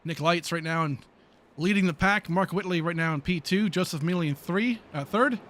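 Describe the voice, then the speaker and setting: A man calling a sim truck race live as play-by-play commentator, chatty and excitable with frequent fillers. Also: high voice, moderate pace, a little hiss or hum.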